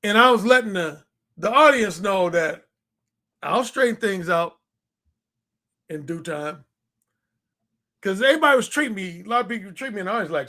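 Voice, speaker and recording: Animated high-voiced man telling a story. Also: normal speed, long pauses. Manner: animated, repetitive, acts out quotes. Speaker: dating commentator. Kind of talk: casual storytelling monologue.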